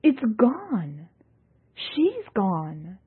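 A woman's voice: mid-range voice, huge pitch swings, extremely slow, slightly rough, exaggerated voice. A woman reading an audiobook voices a desperate, wounded female starship pilot protecting her unborn daughter, with pleading, strained lines. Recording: tinny phone-like audio.

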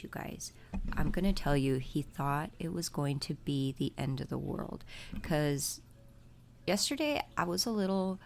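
Speaking in a deep voice with vocal fry, this mother and vlogger confides in her audience about family and faith. The talk is chatty and confessional, and the recording carries a slight hiss or hum.

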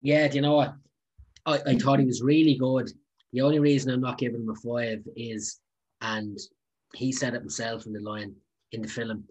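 A man's voice: medium pitch, flat delivery, moderate pace, a little mellow, breathy edge. A man co-hosting a podcast, giving his opinion on a film with earnest, stumbling restarts. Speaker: podcast co-host. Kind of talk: casual film-review chat.

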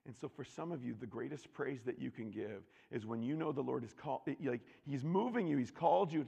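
A man preaching a sermon, animated and swinging from loud declarations to hushed asides. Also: medium pitch, fairly quick, vocal fry, few pauses, breathy edge, in a large hall, dull audio.

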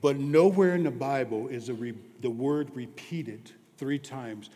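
A man preaching a sermon who drops to hushed near-whispers on some lines and rises to loud, emphatic declarations on others. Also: mid-range voice, a little slow, hardly any pauses, big-room sound.

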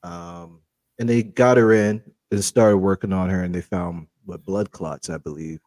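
A young man, co-hosting a family podcast in a relaxed, halting way. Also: sits low, no echo. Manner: relaxed, hesitant, many fillers and restarts. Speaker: co-host. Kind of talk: casual family podcast chat.

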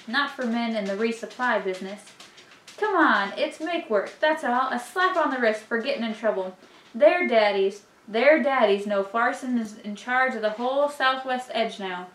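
A woman's voice: a little high, a bit bright, slight background noise, natural voice. A woman reading aloud the lines of a cautious, scheming old male gang boss, in an echoey room.

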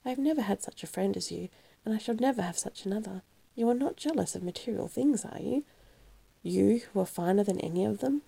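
Earnest devoted painter read by a woman, husky with a gravelly edge, storybook reading. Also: medium pitch, fairly even intonation, moderate pace, mellow. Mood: pleading. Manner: earnest, pleading.

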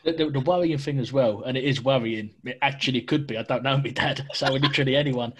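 A man's voice: medium pitch, fast talker, a little hiss or hum. A British man on a casual video call, joking wryly at his own expense. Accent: British English. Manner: wry, self-mocking.

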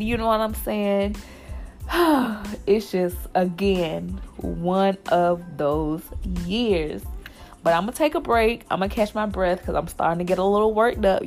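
A young woman talks heartfelt and personal on her spiritual podcast. Her voice sits at a middle pitch and she likes to repeat her phrases. Faint music plays underneath. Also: a little mellow. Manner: heartfelt, repetitive phrasing, sighs and laughs. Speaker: podcast host.

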